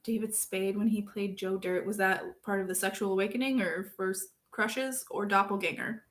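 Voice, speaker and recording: A woman's voice: mid-range voice, fairly even intonation, moderate pace. Casual self-deprecating woman streamer. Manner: self-deprecating, laughs often, swings from loud outbursts to soft mumbles. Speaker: streamer reading viewer chat. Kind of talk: casual chat.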